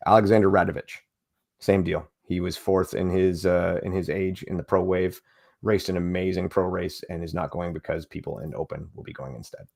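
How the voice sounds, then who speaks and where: A man's voice: low voice, steady tone, normal speed, gravelly, a little mellow. A man co-hosting a fitness podcast in casual, opinionated chat. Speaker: podcast co-host.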